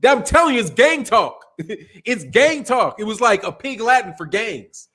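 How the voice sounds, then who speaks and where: A middle-aged man from Chicago runs a boxing live stream with a high-pitched voice. He talks loose and slangy and laughs often. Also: sing-song, moderate pace, fairly bright tone, husky. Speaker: boxing channel host. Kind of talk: casual live stream chat.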